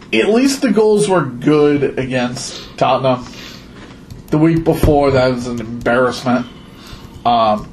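A man co-hosting a casual sports podcast, slow and drawn-out with many ums. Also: medium pitch, a little mellow, a little hiss or hum, poor audio. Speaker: podcast co-host.

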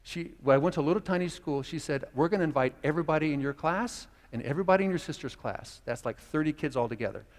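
A man's voice: fairly high pitch, fast talker, few pauses. A man pastor preaching a sermon, telling stories and acting out the voices of the people in them. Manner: storytelling, animated, acts out quoted voices. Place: church sanctuary. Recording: long hall reverb.

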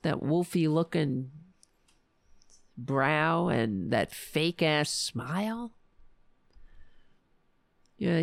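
Hoarse, profane woman ranting on a livestream. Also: medium pitch, no room sound, studio quality. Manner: angry, profane, sarcastic. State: losing her voice. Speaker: livestream host. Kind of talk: political rant on a livestream.

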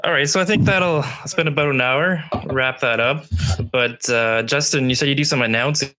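A man hosting a casual podcast, relaxed and easygoing as he wraps up. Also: mid-range voice, normal speed, slight background noise. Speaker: podcast host.

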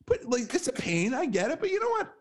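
A man in casual podcast banter, animated and profane, acting out exasperated quotes. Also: very high voice, quick pace. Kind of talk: casual chat.

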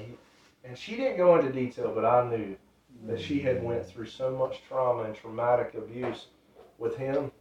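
A man's voice: mid-range voice, moderate pace, darkish tone, slight background noise. Guy telling an earnest story, loose grammar, kinda dull muffled recording. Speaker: ministry storyteller. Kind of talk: casual spoken testimony. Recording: roomy, distant, dull sound.

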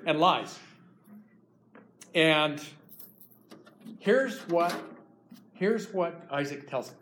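A man preaching a sermon, retelling a Bible story in an animated, lively way. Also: fairly high pitch, extremely slow, a little hiss or hum.

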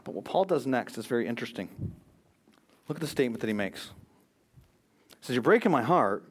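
A man's voice: mid-range voice, animated, a little fast, a little mellow, slightly rough. An American man preaching a sermon as pastor, earnest and emphatic, quoting scripture and speeches.

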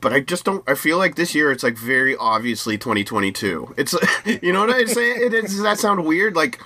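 A man's voice: fairly high pitch, big pitch swings, fairly quick, bright, forceful tone. A man co-hosting a podcast, rambling and joking through a casual chat. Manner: joking, rambling talk with many fillers. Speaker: podcast co-host.

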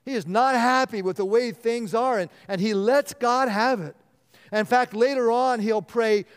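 A male pastor delivering an earnest sermon, often dropping to a hushed voice to stress a point. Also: very high voice, a little slow, clean tone. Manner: earnest, drops to a hushed voice for emphasis. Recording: long reverb of a large hall.

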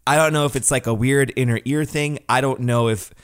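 A man's voice: medium pitch, steady tone, fairly quick, clean tone. A man co-hosting a podcast, chatting casually in a laid-back, wry, joking way. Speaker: podcast co-host. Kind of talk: casual chat.

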